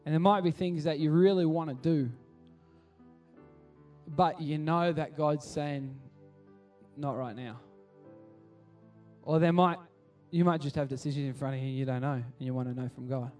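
A man's voice: on the high side, fairly even intonation, moderate pace, long pauses, a little mellow, recorded from a distance, faint music behind. A man preaching a casual sermon at kids church, full of restarts, that builds to passionate appeals. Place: church hall.

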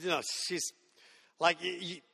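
An Australian pastor in his sixties preaches with jokes and playful whiny impressions. His voice sits high and sounds bright and forceful. It rings out with a long hall reverb. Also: flat delivery, measured pace, gravelly, breathy edge. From Tasmania, Australia. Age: 60s. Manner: humorous storytelling preacher, mimics whiny kids. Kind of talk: sermon.

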